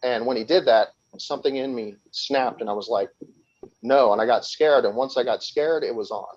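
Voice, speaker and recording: A man in a relaxed podcast chat, spinning a long winding tale full of restarts and acted-out quotes. His voice sits at a middling pitch. The recording is slightly dull and lo-fi. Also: brisk. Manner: rambling, with frequent restarts and laughs, acting out quoted voices. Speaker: podcast guest. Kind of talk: casual storytelling.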